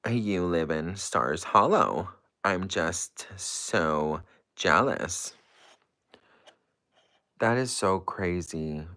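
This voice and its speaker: A man's voice: low-pitched, fairly bright tone. A man hosting a casual livestream, reading viewer comments aloud and chatting in an effusive, rambling way. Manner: effusive and gushing, rambling with lots of "like". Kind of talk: casual live-stream chat.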